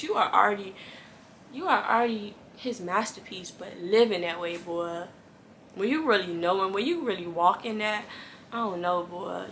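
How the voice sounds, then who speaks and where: A woman's voice: mid-range voice, a bit bright, a little hiss or hum. A woman giving an earnest, casual devotional talk to camera, encouraging viewers and repeating lines for emphasis. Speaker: Christian faith vlogger.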